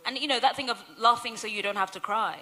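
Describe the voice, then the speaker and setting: A woman's voice: a little high, quick pace, bright, forceful tone. A woman on a symposium panel, telling stories in a chatty way, correcting herself and laughing often. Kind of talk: conversational panel discussion.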